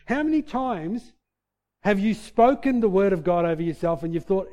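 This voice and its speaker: A male preacher delivering a sermon with a mellow, warm tone and a slightly raised pitch. He shifts between loud, emphatic passages and quiet, low asides. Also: lively intonation, a little fast.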